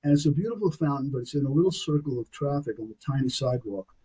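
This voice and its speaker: A man in his sixties with a New York accent tells a long personal story as a podcast guest. His voice is dark and slightly husky, and he keeps up an animated, anecdotal rhythm, checking in with the listener with "okay?". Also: mid-range voice, fast talker, low-quality recording. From Brooklyn, New York.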